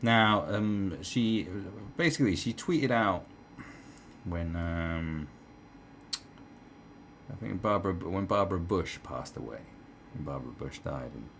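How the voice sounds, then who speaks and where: A man with a very low voice rambles through sarcastic opinion commentary, circling back with fillers and asides. His recording carries a faint hiss underneath. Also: animated, unhurried, gravelly, a bit bright.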